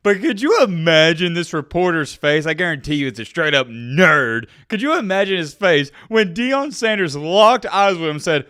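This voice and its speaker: Animated man with a lively voice. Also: high voice, normal speed, hardly any pauses, clean tone, no echo, studio quality. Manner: animated, excitable, talks straight to viewers. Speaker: sports commentary creator. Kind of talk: casual sports commentary.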